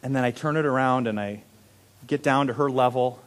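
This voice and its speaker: A young adult man, a pastor, tells a story during his sermon with animated delivery, moving between loud emphasis and hushed, quiet moments. His voice is medium in pitch and his pace is brisk.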